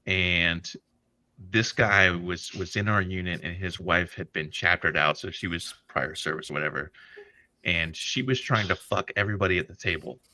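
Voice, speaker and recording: Bright, dry-miked man telling war stories. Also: low-pitched, moderate pace, no echo. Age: 40s. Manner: profane, laughing, vivid storyteller. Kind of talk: casual storytelling chat.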